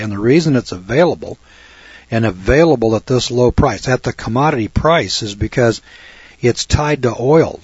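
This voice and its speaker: Man, husky voice, folksy blunt preaching, dull dry lo-fi recording. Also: mid-range voice, no room sound. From United States. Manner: blunt, folksy, addresses listeners directly.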